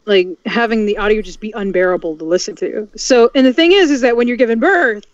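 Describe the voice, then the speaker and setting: A woman in casual livestream chat, halting and restarting as she makes her point, talking from home on an online call. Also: a little high, dry recording. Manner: halting, many restarts and fillers. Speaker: dub group member. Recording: dull, dry lo-fi mic.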